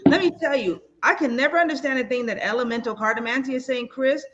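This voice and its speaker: A woman's voice: sits high, fast talker, very noisy. A woman hosting a casual video chat, telling stories with lots of laughter and exclamation. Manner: animated, laughing, exclamatory storyteller. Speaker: host. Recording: dull lo-fi audio.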